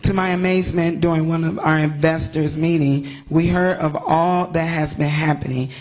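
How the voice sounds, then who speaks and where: A woman from the United States giving an emotional statement at a press conference, tearful and halting, stumbling over her words. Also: low voice, fairly even intonation, darkish tone, low-quality recording. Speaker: investor speaking at a press conference.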